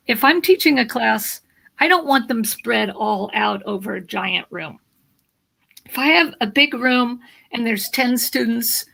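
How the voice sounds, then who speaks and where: Animated woman voice coach, gravelly. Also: on the high side, rough recording. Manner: animated, instructive. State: slight morning frog in throat. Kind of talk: live video interview.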